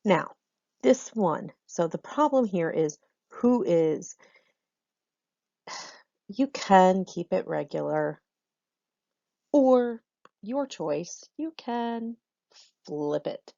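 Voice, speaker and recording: A woman's voice: lowish voice, lively intonation, very slow, vocal fry, long pauses, warm tone, dry recording, dull audio. A woman teacher explaining a lesson patiently to students in a recorded online class, with frequent ums.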